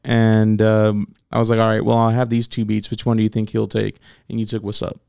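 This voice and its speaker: A man who is a battle rapper, telling stories in a profane, animated way during a casual podcast interview. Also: lowish voice, fairly quick, gravelly, clean tone, dry recording, clean studio sound.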